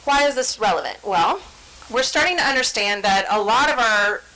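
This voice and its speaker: A woman's voice: fairly high pitch, expressive, normal speed, sharp tone, slight background noise, rough recording. A woman giving an educational talk, explaining ideas conversationally and acting out everyday scenes with quoted inner voices. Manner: conversational, checks in with "right?". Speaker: trainer presenting on stress and the brain.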